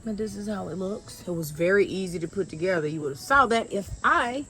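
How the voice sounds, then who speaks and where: A woman's voice: medium pitch, brisk. A woman talking casually to her viewers while setting up patio furniture outdoors, a little out of breath. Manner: chatty, relaxed, addresses viewers directly. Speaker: lifestyle vlogger. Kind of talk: casual sponsored vlog. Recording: background music, voice sometimes far from mic.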